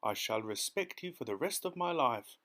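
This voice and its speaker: A man's voice: mid-range voice, lively intonation, moderate pace, a bit bright, voice pushed up, close to an everyday voice. A man voicing a rude male centipede who jeers and mocks in an audiobook. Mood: mocking. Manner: jeering, mocking. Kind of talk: audiobook character reading.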